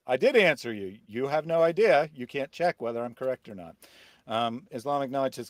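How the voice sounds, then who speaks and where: A man's voice: mid-range voice, lively intonation, fast talker, no echo. A man hosting a live stream and reading out viewer comments, mocking and combative. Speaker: host.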